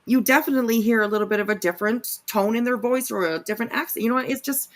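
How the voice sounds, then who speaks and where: A woman's voice: a little high, racing. Rambly woman reaction host, loads of fillers, casual chat. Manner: rambling, heavy with "like" and "um". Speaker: commentary host.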